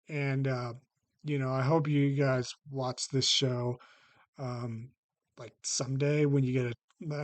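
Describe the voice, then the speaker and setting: A man hosting his own vlog, talking unscripted and haltingly about his favourite TV shows, with lots of restarts and a habit of saying "basically". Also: mid-range voice, no room sound. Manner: halting, many fillers and restarts, repeats "basically". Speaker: vlog host ranking TV shows. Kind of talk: casual unscripted talk to camera.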